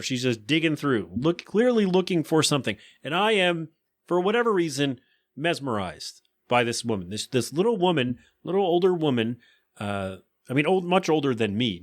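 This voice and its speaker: A man in his thirties, a podcast host, telling a casual story in a rambling way, correcting himself and wondering aloud. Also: mid-range voice.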